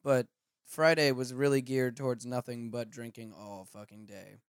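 A man's voice: mid-range voice, fairly even intonation, normal speed, clean tone, no echo, studio quality. A man co-hosting a podcast, telling stories in a laid-back, profane way. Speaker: podcast co-host. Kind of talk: casual chat.

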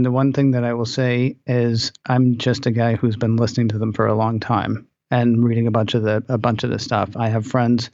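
A man with a gravelly voice chats casually as a podcast host. He rambles and hedges his points. The sound is dry and slightly dull. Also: medium pitch, darkish tone, dry recording. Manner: rambling, self-qualifying. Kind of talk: casual chat.

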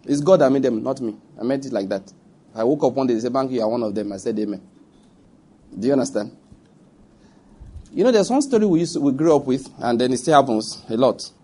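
A man's voice: medium pitch, expressive, quick pace, long pauses, mellow, breathy edge. A middle-aged Nigerian man preaching a sermon, emphatic and direct, repeating his points and speaking straight to his listeners.

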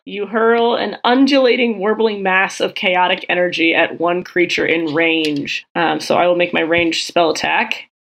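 A woman's voice: on the low side, steady tone, gravelly, fairly bright tone. A woman playing a tabletop game, reading out her spell and tallying damage. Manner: brisk, swears while rolling dice. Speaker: player.

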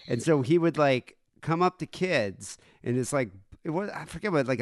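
A man's voice: mid-range voice, no room sound, studio quality. A man from Michigan, co-hosting a casual true-crime podcast with rambling, crude jokes. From Michigan, USA. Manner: jokey, rambling, crude humor. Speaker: podcast co-host.

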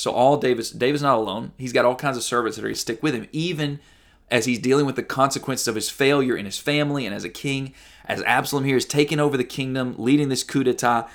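A man preaching a sermon in a gravelly, mid-range voice. He talks to his listeners earnestly and conversationally. Now and then he reads Bible verses aloud or mimics the voices of ordinary people. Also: medium pitch, quick pace. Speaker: pastor.

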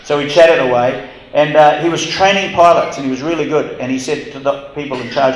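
A man's voice: medium pitch, moderate pace. A man telling a wartime anecdote to a live meetup, rambling with frequent restarts and fillers. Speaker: guest storyteller. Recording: echoey room recording.

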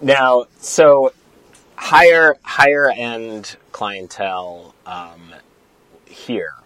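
A man's voice: medium pitch, lively intonation, very slow, a bit bright, no room sound, rough recording. A man hosting a casual interview who jokes around and swears freely. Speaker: podcast host.

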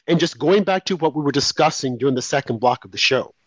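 A man's voice: fairly high pitch, expressive, fast, no room sound, rough recording. A man co-hosting a talk radio show, giving emphatic, indignant commentary. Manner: emphatic, indignant, mimics others.

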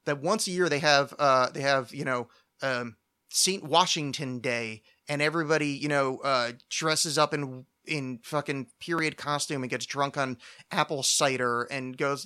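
A man's voice: mid-range voice, unhurried, bright, forceful tone, smooth. A young man hosting a podcast alone, ranting with lots of swearing, restarts and stammers. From United States. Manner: profane, ranting, stammering restarts, mocking put-on voices. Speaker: podcast host. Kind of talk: solo casual rant.

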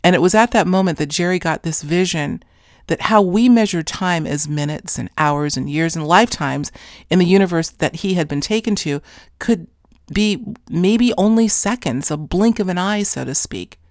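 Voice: medium pitch, normal speed, dry recording, clean studio sound. A podcast host telling a story in a casual monologue, rambling with many fillers and self-corrections. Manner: grows more animated toward the end. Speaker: podcast host recounting an interview.

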